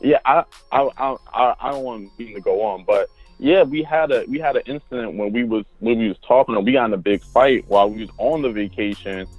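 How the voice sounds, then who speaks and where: A man talking casually about his relationship, laid-back and halting, speaking plainly. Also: medium pitch, dry recording, lo-fi sound, soft background music. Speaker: guest seeking advice. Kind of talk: casual chat.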